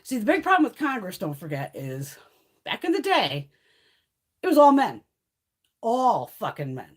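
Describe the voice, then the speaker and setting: A woman in her fifties chatting casually on a live stream, blunt, profane and animated. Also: fairly high pitch, moderate pace, breathy edge. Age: 50s. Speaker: beauty livestream host.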